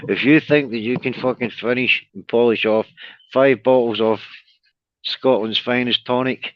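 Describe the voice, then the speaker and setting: A man's voice: mid-range voice, steady tone, normal speed, slight background noise. A Scottish man on a live stream, teasing the host and laughing often in casual banter. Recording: dry lo-fi stream audio.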